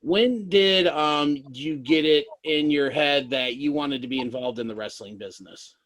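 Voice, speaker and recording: A male podcast host in a casual interview, asking questions in a relaxed way with small hesitations. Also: fairly high pitch, moderate pace.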